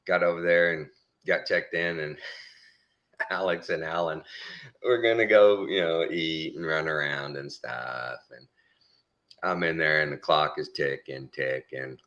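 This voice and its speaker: This is a middle-aged man with a very low voice and a crisp, bright edge to it. He tells a story in relaxed, casual chat. When he quotes other people, he jumps up into high, animated voices. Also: measured pace, dull audio.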